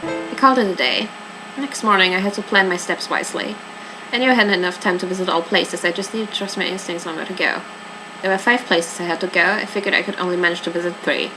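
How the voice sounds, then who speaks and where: A woman's voice: on the low side, fairly even intonation, quick pace, over music, natural voice, low-quality recording. A woman voicing a blunt detective in a mystery game, asking pointed questions and narrating the case in a matter-of-fact way. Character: hard-nosed detective questioning murder suspects.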